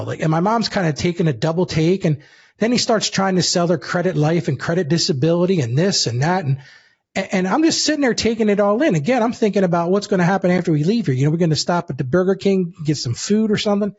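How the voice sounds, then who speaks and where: A man telling a personal story in a lively, casual way as a guest, calling the listener "dude". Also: sits high, quick pace, husky, muffled recording. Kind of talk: animated storytelling.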